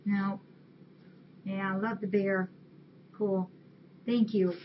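A woman's voice: mid-range voice, level tone, takes it slowly, slight background noise. A woman hosting a webcam stream, chatting casually as she reads holiday cards aloud and thanks the viewers who sent them. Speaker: shelter webcam host. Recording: dull lo-fi webcam audio.

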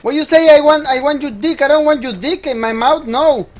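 A man with a Mexican accent giving casual gameplay commentary as a streamer, excitable and quick to protest, repeating himself. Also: very high voice. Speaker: gaming streamer.

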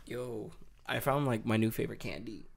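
A young man co-hosting a casual podcast, excitable and full of slang. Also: mid-range voice, moderate pace, creaky, crowd noise. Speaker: podcast co-host. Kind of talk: casual chat.

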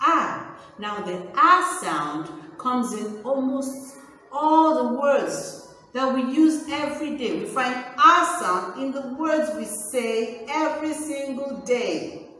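A woman teacher leads a phonics lesson for small children with slow, exaggerated, sing-song words of praise. Her voice is bright and somewhat high. It echoes through a reverberant room and is heard from a distance. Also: animated. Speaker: pre-nursery teacher.

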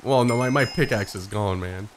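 A young man doing live gameplay commentary, excitable and foul-mouthed, yelping and laughing at every surprise. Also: fairly low pitch, normal speed, background noise. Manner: excitable, swears a lot, yelps and laughs at surprises. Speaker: game streamer.

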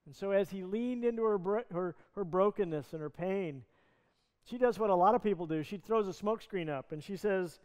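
A man's voice: high-pitched, moderate pace, darkish tone, clear, resonant tone. A male pastor preaching a sermon, retelling a scripture story in earnest, conversational words. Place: church sanctuary. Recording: long reverb of a church hall.

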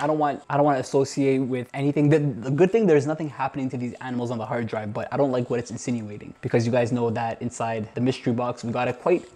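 A man talks his viewers through strange videos on an old computer, uneasy and exclaiming as he watches. His voice is husky and mellow, with a breathy edge. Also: mid-range voice. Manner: uneasy, nervous commentary with gasps and exclamations. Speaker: YouTuber. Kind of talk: reacting to found footage on camera. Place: indoors at a computer.

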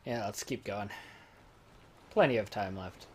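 A man giving jokey gameplay commentary, swinging from loud excited outbursts to quiet muttering. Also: fairly low pitch, measured pace, slight background noise. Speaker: let's play gamer.

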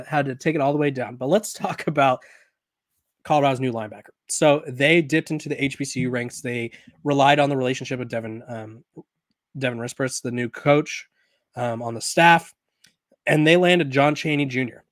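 A man's voice: mid-range voice, no room sound, clean studio sound. A man hosting a sports podcast in a casual, conversational way, often restarting and correcting himself, while he has the hiccups. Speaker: podcast host.

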